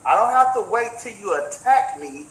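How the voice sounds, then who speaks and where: A woman's voice: fairly high pitch, lively intonation, normal speed, reverberant, slight background noise, natural voice, rough recording. A woman heard in a played clip.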